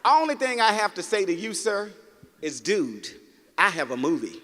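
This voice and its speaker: High, bright-voiced motivational speaker man. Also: very animated, moderate pace, in a large hall, a little hiss or hum. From Mississippi, United States. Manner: preachy, storytelling, calls out to the crowd. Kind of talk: motivational speech. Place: large auditorium.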